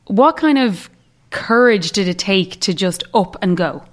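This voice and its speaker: Woman, podcast host, animated voice, laughs easily. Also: medium pitch, unhurried. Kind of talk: conversational podcast interview.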